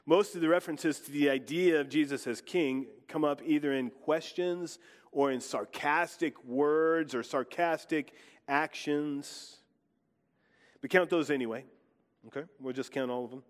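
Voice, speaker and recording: A man's voice: on the high side, measured pace, big-room sound. A man preaching in a church, guiding his congregation in a conversational way. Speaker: pastor. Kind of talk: sermon.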